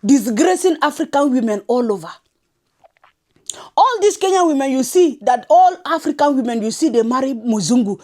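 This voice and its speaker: Woman, high voice, fiery scolding reaction host. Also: animated, normal speed, mellow. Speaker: reaction commentator. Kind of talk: ranting reaction vlog.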